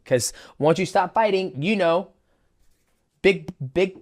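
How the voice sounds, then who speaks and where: A man's voice: sits high, slow pace. A man who used to fight in mixed martial arts hosts a casual interview, talking loosely with many fillers and restarts. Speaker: podcast host, former MMA fighter.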